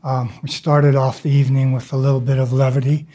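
Husky man with dry, joking remarks. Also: mid-range voice, flat delivery, dark tone. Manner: wry, joking, halting. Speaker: public commenter. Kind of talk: public comment at a council meeting. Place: council chamber.

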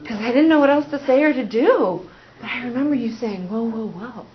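A school psychologist presenting a parent training in a casual, conversational way, with frequent fillers and acted-out examples. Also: female voice, on the high side, animated, a little fast, noisy background. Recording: dull, muffled sound.

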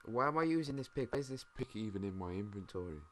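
British guy muttering to himself while gaming, lowish voice, hissy mic with mouse clicks. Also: expressive, fast talker. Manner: mumbling, thinks aloud, swears at the game. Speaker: gamer. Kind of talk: casual let's-play commentary. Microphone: desk mic.

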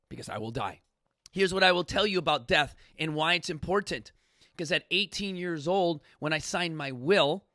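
Fired-up ranting man, bright and high. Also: no echo, studio quality. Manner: fired-up, ranting, profane, many restarts. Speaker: podcast host. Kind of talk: impassioned casual talk.

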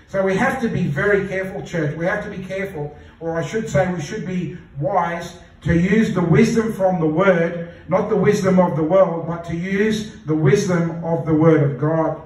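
Male pastor, earnest sermon delivery, high-pitched voice, heard from far off in a very echoey church hall. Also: darkish tone. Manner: earnest, repeats phrases for emphasis, slows to read scripture.

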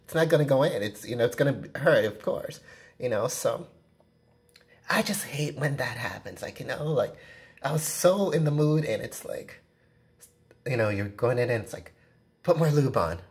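A woman's voice: a bass voice, animated, moderate pace, a little mellow. A woman vlogging from her apartment, talking straight to camera in a frank, rambling rant full of "you know" fillers. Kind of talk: casual vlog rant to camera. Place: own apartment, indoors. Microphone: camera at close range.

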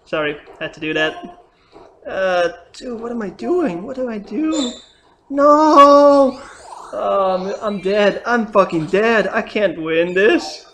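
A young gamer narrating a challenge run live from a room at home. The voice swings widely between drawn-out low mutters and sudden loud, swearing outbursts. Faint noise sits behind it. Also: animated. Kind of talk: live let's-play commentary. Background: faint noise, dogs at times.

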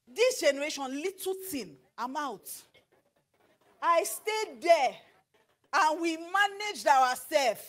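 A middle-aged Nigerian woman preaching on marriage, animated and slipping into pidgin with acted asides. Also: high-pitched, normal speed, a little hiss or hum. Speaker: pastor and marriage counselor. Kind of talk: sermon.

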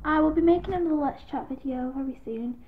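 A woman's voice: high voice, quick pace. A young woman vlogging in a rambling, self-deprecating casual chat to camera, recorded on a tablet. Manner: giggly, self-deprecating, scattered. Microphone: tablet built-in mic. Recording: tinny lo-fi tablet audio with faint hiss.

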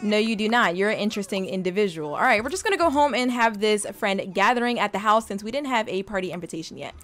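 A young woman giving casual, slangy gameplay commentary, talking straight to her game character and breaking into excited exclamations. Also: mid-range voice, fast talker. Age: young adult. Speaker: gaming video host.

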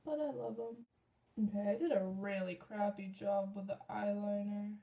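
A woman's voice: mid-range voice, steady tone, moderate pace, creaky, muffled recording. A young woman vlogging at home, chatting in a rambling, self-deprecating way while she does her makeup. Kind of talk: casual makeup vlog.

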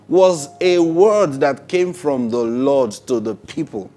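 A man's voice: on the high side, animated, a little mellow, faint music behind. A man preaching a sermon, drawing out key words and repeating himself as he builds each point. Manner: drawn-out emphatic phrasing with repetitions.

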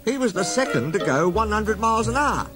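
A man's voice: high-pitched, sing-song, fairly quick, music in the background, pitched above the performer's own voice. A man voicing a sly, cheeky little tank engine who teases in an innocent-sounding way. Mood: teasing.

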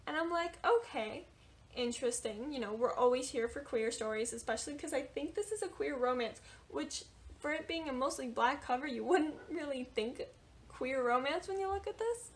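A young woman in a casual book vlog, chatty and animated, with lots of filler words as she runs through her reading list. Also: high-pitched, normal speed. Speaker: book vlogger. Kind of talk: casual book talk to camera.

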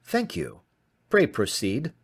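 A man voicing a composed male detective who asks crisp, precise questions. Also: on the low side, wildly swooping pitch, slow, full character voice.

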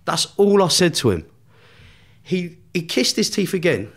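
A man's voice: sits high, sing-song, a little slow. A man, a podcast guest telling a story in casual chat, swearing constantly and laughing as he goes.

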